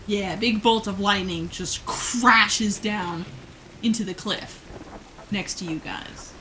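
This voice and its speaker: A woman narrating as game master of a tabletop game, relaxed and laughing often, with many fillers. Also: mid-range voice, takes it slowly, a little hiss or hum, poor audio.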